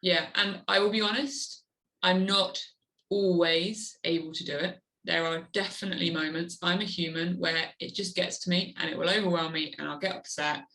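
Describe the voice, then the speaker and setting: A woman's voice: on the low side, moderate pace, poor audio. Woman guest, earnest, open, conversational interview voice. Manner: earnest, animated when acting out her inner voice. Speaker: guest, adventure motorcyclist. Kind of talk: candid interview talk.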